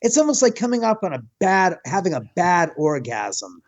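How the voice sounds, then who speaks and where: A man telling a long, rambling story in casual chat, animated and swearing freely. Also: high voice, moderate pace, no room sound, highs cut off. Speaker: guest, house owner.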